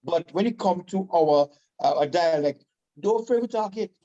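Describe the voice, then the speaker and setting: A man with a Vincentian accent, from Saint Vincent, chatting casually as a guest, animated, proud and fast-talking. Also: high-pitched, highs cut off. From Saint Vincent and the Grenadines. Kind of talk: casual chat.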